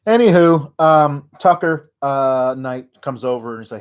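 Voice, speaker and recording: A man's voice: medium pitch, clean tone. A man hosting a comedic wrestling recap, ranting in a rambling, sarcastic way. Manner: rambling, sarcastic, halting with fillers. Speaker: host of a wrestling recap show.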